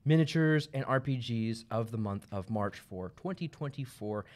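An upbeat male host walks through a countdown of top-selling games on a livestream. His pitch swings widely and he cracks small jokes between entries. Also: animated, normal speed, darkish tone. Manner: upbeat and joking. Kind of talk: livestream product rundown.

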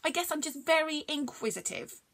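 A woman voicing a curious young female dog, full of energy and questions. The voice sits high and lively, with a bright, slightly gravelly tone. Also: brisk. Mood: eager. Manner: inquisitive, bouncy.

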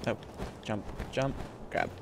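A man streaming a video game, commenting live, excitable, talking to the enemies he fights and bursting into exclamations. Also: takes it slowly, background noise. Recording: game music loud under the voice. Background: game music.

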